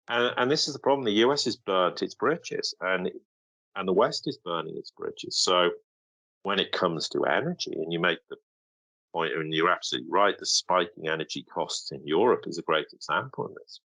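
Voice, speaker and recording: A man's voice: sits low, a little fast, sharp tone, no room sound, low-quality recording. A man speaking as a guest commentator in a podcast interview, emphatic and sarcastic, often acting out the voices of others.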